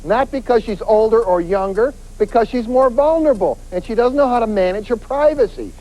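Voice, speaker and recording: Animated man giving a street-safety lecture. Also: extremely high pitch, fairly quick, low-quality recording. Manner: animated, acts out quoted voices, emphatic repetition. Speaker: police detective giving a safety talk. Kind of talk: lively crime-prevention lecture.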